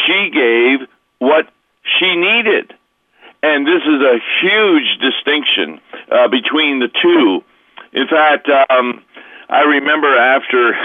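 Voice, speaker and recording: A man, a pastor, teaching a Bible lesson on a radio talk show, explaining slowly and stressing key words. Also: medium pitch, dry recording. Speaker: pastor, guest. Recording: tinny phone line.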